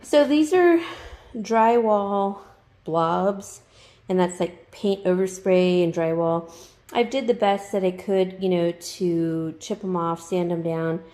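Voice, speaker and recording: A woman narrating her home painting job in a casual vlog, rambling with fillers and small laughs, hurried for time. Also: lowish voice, steady tone, warm tone. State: hurried, under time pressure. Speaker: DIY vlogger. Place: inside a house, on the stairs and landing.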